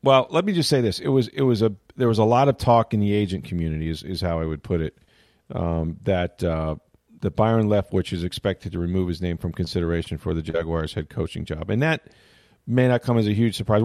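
A man's voice: deep voice, fairly quick, a little mellow, dry recording, studio quality. A middle-aged man hosting a sports talk show, telling a story in a casual, rambling way and interrupting himself often. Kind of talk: casual chat.

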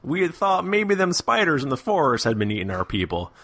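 A man plays a simple country villager in a Southern drawl, rambling and roundabout in his telling. His voice is bright and swings lively in pitch. A tabletop game character. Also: brisk, breathy edge, full character voice. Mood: folksy. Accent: put-on Southern US drawl. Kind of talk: tabletop role-play.

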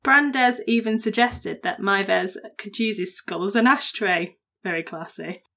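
A woman's voice: mid-range voice, unhurried, creaky, pushed and bright. A woman co-hosting a podcast, talking in a loose, chatty way. She laughs easily and often restarts her sentences mid-thought. Her voice sits in a middling range for a woman. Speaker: podcast co-host. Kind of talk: casual chat.

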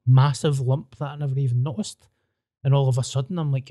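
A man's voice: medium pitch, brisk, no echo, studio quality. A Scottish man hosting a podcast, telling crude stories in casual chat with lots of laughter. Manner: crude, animated storytelling with frequent laughter. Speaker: podcast host.

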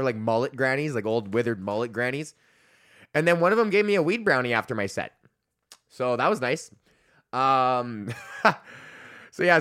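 A young man hosts a solo comedy podcast, telling stories in a loose, profane ramble. His voice sits at a middle pitch, and he laughs often as he goes. He keeps breaking into quick mock voices for the people in his stories. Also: bright, forceful tone. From Canada.

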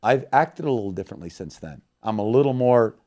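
A man telling an emotional story about serving on the front lines and then praying, earnest and heartfelt, moving between loud emphasis and hushed tones. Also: mid-range voice, lively intonation, fairly quick. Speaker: missionary guest.

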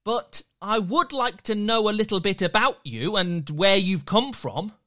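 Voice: mid-range voice, expressive, unhurried, a bit bright, voice pushed up. A storyteller voicing a kind, curious young schoolgirl in a children's story, friendly and reassuring.

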